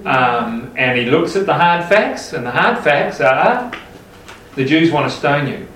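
A man's voice: on the high side, expressive, a little slow, fairly bright tone, slight background noise. A man leading a group Bible study, talking casually and asking the group questions. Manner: conversational, asks the group questions. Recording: roomy, mic at a distance.

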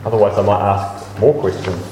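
A man's voice: on the low side, steady tone, brisk, mellow, a little hiss or hum. A man giving an earnest, conversational and self-deprecating church talk. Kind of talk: casual sermon. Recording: echoey hall, mic at a distance.

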